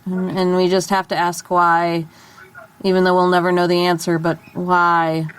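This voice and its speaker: A woman co-hosting a casual fan podcast, talking in an unhurried, questioning way with frequent restarts. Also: on the low side, completely flat delivery, smooth. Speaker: podcast co-host.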